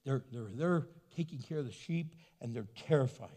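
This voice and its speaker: A man preaching a sermon as pastor, animated and acting out the voices of people he quotes. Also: medium pitch, normal speed. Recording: long hall reverb.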